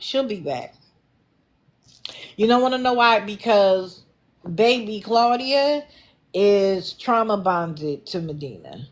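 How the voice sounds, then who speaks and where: A middle-aged woman hosting a livestream, giving casual, sassy commentary and answering her chat in an animated way. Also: mid-range voice. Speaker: livestream host.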